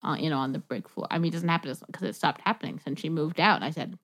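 A woman from the American South co-hosting a podcast, chatting casually in a playful, jokey, animated way. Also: low voice, quick pace. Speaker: podcast co-host. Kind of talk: casual chat.

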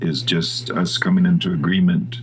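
A man's voice: sits low, steady tone, normal speed, soft background music, low-quality recording. A man co-hosting a casual faith conversation, speaking reflectively. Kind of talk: casual chat.

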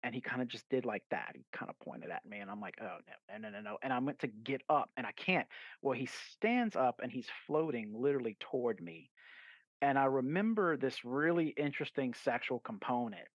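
A man's voice: medium pitch, lively intonation, moderate pace, no echo. Rambling male storyteller, dry dull recording. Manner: rambling, with many fillers and restarts; acts out his own quoted lines. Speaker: guest author. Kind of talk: casual storytelling in a podcast interview.

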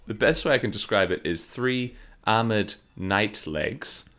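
Playful low-voiced man with a bright, lively delivery. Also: measured pace. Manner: playful, laughs often, riffs on jokes. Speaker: podcast co-host. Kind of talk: casual comedic chat.

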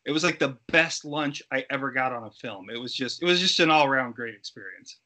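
A middle-aged man, a guest actor, telling lively stories in a casual interview and acting out the people he quotes. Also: mid-range voice, fairly quick. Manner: animated, acts out quoted voices. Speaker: guest actor and effects artist.

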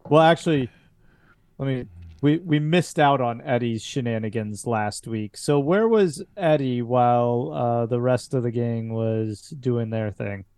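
Relaxed man running a tabletop game. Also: mid-range voice, clear, resonant tone, dry recording. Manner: relaxed, informal, halting. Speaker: game master.

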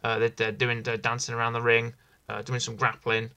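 A man's voice: medium pitch, monotone, fairly quick, bright, forceful tone, clean tone. A man hosting a casual wrestling review podcast, rambling and enthusiastic, often repeating himself. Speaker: podcast host.

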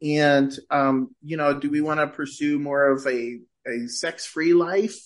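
A middle-aged man, a podcast guest, telling a personal story in casual conversation and lifting his voice when he quotes himself. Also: a little slow. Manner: animated, shifts pitch when quoting himself.

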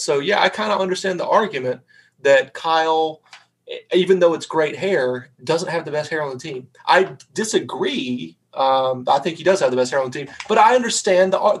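A man's voice: fairly high pitch, a little fast, husky, low-quality recording. A man from North Carolina with a Southern accent, hosting a casual podcast and asking easygoing questions. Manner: easygoing, asks questions, backchannels often. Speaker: podcast host. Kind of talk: casual chat.

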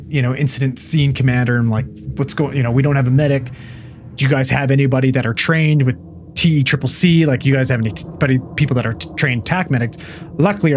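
In a mid-range voice with a little hiss or hum in the audio, a man who works as a paramedic recounts a wild call. He's profane and animated, chatting casually and performing each person's lines.

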